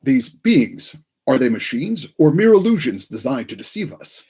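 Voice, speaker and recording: Stern starship officer, read by a man, husky voice. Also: mid-range voice, sing-song, normal speed, dark tone. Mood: questioning.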